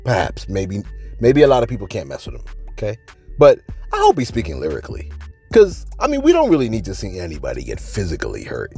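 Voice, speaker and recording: Husky man with a wildly lively voice. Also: on the low side, fast, soft background music. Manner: animated, repeats words, rhetorical asides to viewers. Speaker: celebrity gossip channel host. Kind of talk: casual gossip commentary to camera.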